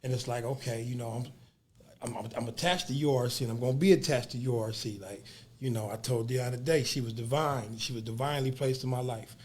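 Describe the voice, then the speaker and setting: Speaking fast in a steady, mid-range voice with a darkish tone, a male podcast host muses in casual conversation. He circles back on words as he looks for them, restarts his phrasing, and throws in slang like "bruh."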